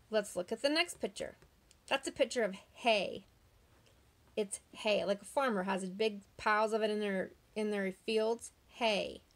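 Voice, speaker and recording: A woman's voice: fairly high pitch, a bit bright. A woman teaching young children phonics online, drawing out the sounds of words and asking patient, encouraging questions. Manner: slow, drawn-out sounding out of words.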